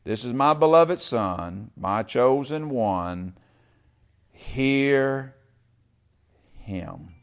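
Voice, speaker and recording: A man preaching a sermon in church, talking with the congregation and swinging from loud, stretched-out calls to quiet whispers. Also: lowish voice, lively intonation, slow pace. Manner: talks with the congregation, calls for amen and uses y'all. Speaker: pastor.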